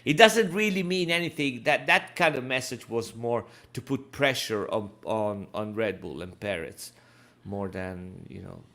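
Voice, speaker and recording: A man's voice: on the low side, a little slow, bright, forceful tone. A man co-hosting a casual racing podcast, thinking aloud and repeating words as he searches for them. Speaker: podcast co-host. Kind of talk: casual race analysis chat.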